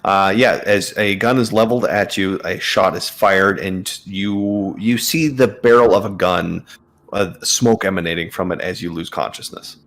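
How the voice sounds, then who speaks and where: A man narrating as game master of a tabletop game, relaxed, with lots of fillers and laughs. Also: low voice, moderate pace.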